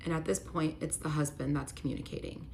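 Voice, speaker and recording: A young woman with a low, deep-set voice tells a personal story straight to her phone, candid and earnest. Her talk is loose and conversational, full of "like", with a faint hum of room noise behind her. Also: steady tone, fast, vocal fry, a little mellow. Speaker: real estate agent telling her story. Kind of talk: confessional storytime to camera.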